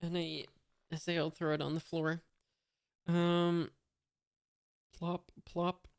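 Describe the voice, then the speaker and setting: A reader reading a comic aloud in a monotone, reading out sound effects and punctuation with many hesitant fillers. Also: mid-range voice, slow, creaky, smooth, no echo, studio quality.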